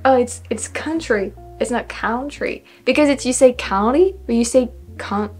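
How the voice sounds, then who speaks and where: A woman's voice: on the high side, moderate pace. French woman with light music behind. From France. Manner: animated, repeats words with questioning tone, laughs often. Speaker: vlogger. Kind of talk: casual pronunciation practice.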